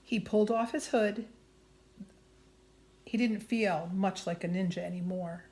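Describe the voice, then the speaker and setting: Slow woman reading a storybook aloud. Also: mid-range voice. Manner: slow, deliberate, drops to a whisper at hushed moments. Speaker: storybook reader. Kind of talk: reading a children's chapter book aloud.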